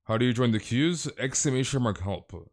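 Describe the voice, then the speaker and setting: A man casually chatting with viewers on a live game stream, emphatic and ranting, stammering through quick restarts and tossing in "dude". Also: mid-range voice, animated, slight background noise. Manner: emphatic, ranting, peppered with "dude" and mild swearing. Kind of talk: casual live-stream chat while gaming.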